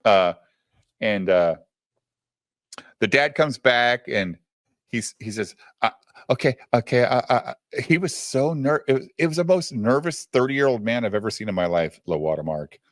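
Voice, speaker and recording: A man's voice: mid-range voice, big pitch swings, normal speed, no room sound, clean studio sound. A man telling a story in a casual, profane style, often addressing his listener directly.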